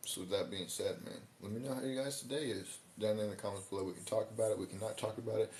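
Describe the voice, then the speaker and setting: With the hiccups, a livestream host chats in a laid-back, slangy manner, now and then tripping over his words. His voice is lowish, fairly even and a little mellow, his pace quick, and there's roomy echo with faint background noise.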